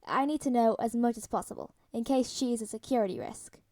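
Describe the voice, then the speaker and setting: A woman's voice: a little high, a little fast, darkish tone, natural voice. A woman reading the lines of a brash, rambling, protective middle-aged man in a story read aloud. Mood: fatherly.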